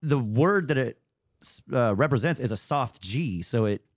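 A man's voice: mid-range voice, lively intonation, moderate pace, no room sound, clean studio sound. A man hosting a podcast, leading a question game in casual chat, upbeat and ready to argue. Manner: upbeat, argumentative, leads the segment.

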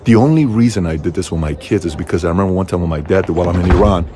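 A middle-aged man hosting a motivational talk to camera, telling a personal story with animated leaps in his voice. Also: very fast, slight background noise. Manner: animated storytelling, voice jumping high on key moments. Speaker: host.

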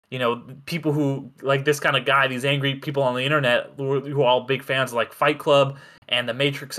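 Bright-voiced man, hesitant and searching. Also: mid-range voice. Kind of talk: casual chat.

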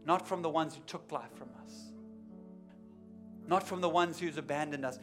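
A man preaching a sermon as pastor, building to emphatic peaks and then dropping to quiet, intense lines, repeating key phrases for weight. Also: fairly high pitch, normal speed, soft background music. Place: church.

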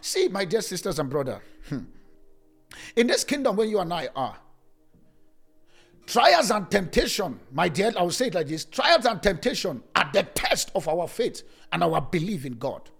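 A man preaching as a pastor, swinging between loud and soft, with sudden rises and drops in pitch. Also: very animated, moderate pace, vocal fry, husky, faint music behind. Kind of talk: sermon.

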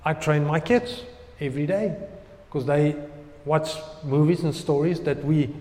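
A male pastor preaching a sermon, swinging between loud emphasis and hushed asides. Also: on the high side, steady tone, a little slow. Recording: long hall reverb.

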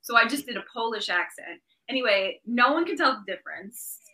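A woman's voice: a little high, lively intonation, a little fast, sharp tone, poor audio. A woman actress being interviewed, telling stories in a chatty, anecdotal way. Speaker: actress guest. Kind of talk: casual interview chat.

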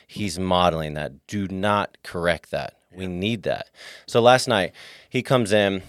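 Man with a low voice, animated storyteller, dry close sound, casual faith chat. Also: measured pace, no room sound. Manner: animated storyteller, acts out family quotes. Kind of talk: casual faith-based discussion.

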